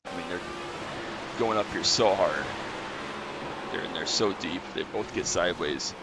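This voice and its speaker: Low and unhurried, this man's voice comes through a very noisy recording. He's a sim racing streamer casually narrating his own race, a bit out of breath, chatty and full of fillers as he keeps correcting himself.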